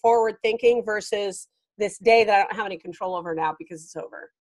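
A woman life coach talking as a guest on a casual podcast interview, animated and emphatic. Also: medium pitch, fast talker. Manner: animated and emphatic, laughing often.

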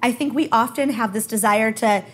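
A woman comedian speaks as an interview guest, with a high, slightly husky voice. She tells her stories at a quick, lively clip. She laughs often along the way. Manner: quick, animated storytelling with laughter. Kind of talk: candid conversational interview.

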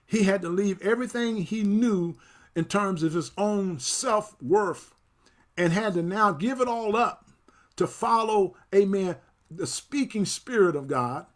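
A man preaching a sermon as pastor, reading scripture and breaking in with amens and praise, getting excited as he goes. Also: high voice. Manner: excitable, picks up speed then slows for scripture.

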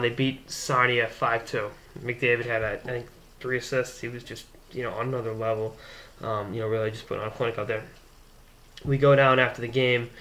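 A young man from the Boston area hosts his own hockey show and tells a long story in a casual, rambling way. His voice is bright and forward, and he often restarts his sentences as he builds the anecdote. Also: medium pitch. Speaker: hockey blogger and show host.

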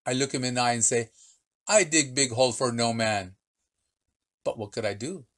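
A man voicing a very old storyteller, speaking broken English with dramatic pauses and slow punchlines. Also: medium pitch. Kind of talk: storytelling for children.

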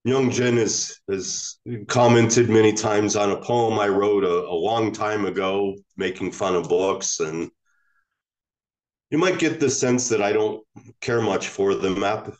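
A man's voice: on the low side, unhurried, darkish tone. A man, a Zen teacher, giving a reflective dharma talk and often restarting his phrases.

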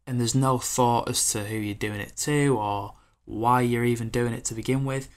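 A man in his twenties hosting a podcast, rambling in an animated, casual way with lots of fillers and acted-out quotes. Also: mid-range voice, moderate pace. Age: 20s. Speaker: podcast host.

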